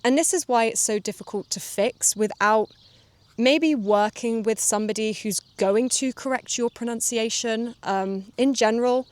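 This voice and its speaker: A woman hosting a relaxed English-learning podcast, explaining things calmly and drawing out her vowels. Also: fairly high pitch, moderate pace, dry recording. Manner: calm, explanatory, draws out vowels. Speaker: English teacher and podcast host.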